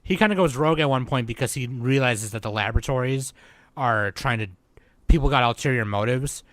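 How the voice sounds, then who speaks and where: A man hosting a podcast in a mid-pitched, relaxed voice, full of fillers as he passes the talk around. The sound is close and dry, with no room around it. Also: fairly quick, no echo. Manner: laid-back, filler-heavy, steers the talk. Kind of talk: casual podcast chat.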